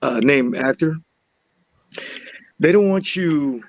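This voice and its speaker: A man telling a story from a film set in casual chat, animated and laughing, restarting and repeating words as he goes. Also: on the high side, takes it slowly, no echo, muffled recording. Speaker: actor and podcast guest.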